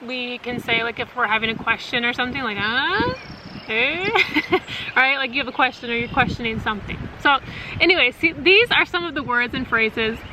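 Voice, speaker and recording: Woman vlogger in her 30s, slightly high voice, chatty and filler-heavy, outdoors with wind noise on the mic. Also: a little fast. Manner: chatty, many fillers, laughs often. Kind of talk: casual chat.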